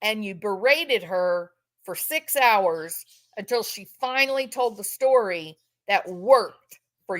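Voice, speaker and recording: A woman's voice: mid-range voice, fairly bright tone. A woman giving impassioned true-crime commentary from home, repeating phrases for emphasis and mock-quoting others.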